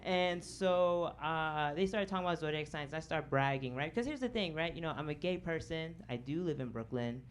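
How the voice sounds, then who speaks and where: A man's voice: fairly high pitch, normal speed, hardly any pauses. A man telling a story in a stand-up comedy set on a club stage, chatty and full of asides, with the audience laughing. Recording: live club recording with audience noise.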